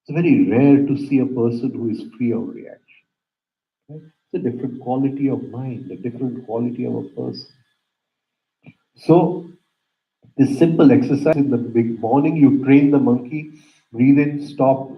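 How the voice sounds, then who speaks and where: A man teaching a yoga breathing lesson, giving calm instructions with soft pauses and frequent "right?" asides. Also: mid-range voice, gravelly. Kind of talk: guided breathing lesson with storytelling. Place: yoga center room. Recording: roomy, dull lo-fi hall recording.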